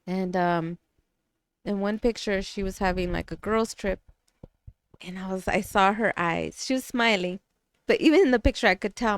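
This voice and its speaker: A woman's voice: medium pitch, normal speed, clear, resonant tone, dry recording. A woman guest on a podcast, a chatty storyteller who laughs often and slips into Spanish phrases. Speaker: guest artist and business owner. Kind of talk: casual podcast interview.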